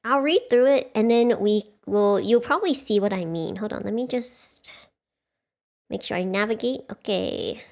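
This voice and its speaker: A woman's voice: medium pitch, normal speed, creaky, a little mellow. A woman chatting casually as the host of a livestreamed book club. She is chatty and bubbly, laughs often, and talks into a desk mic.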